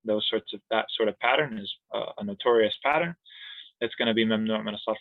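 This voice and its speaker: A man's voice: lowish voice, fast talker, dry recording. A man teaching Arabic grammar in an online class, explaining in a playful, jokey way. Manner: playful, jokey explanations with laughs and siren sounds. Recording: tinny phone-like line.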